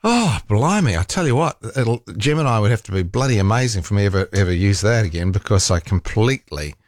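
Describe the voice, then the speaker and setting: A man's voice: lowish voice, fast talker, no echo, studio quality. A man hosting a talkback radio show, telling a rambling, exasperated story with laughs and mild swearing. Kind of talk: casual on-air chat.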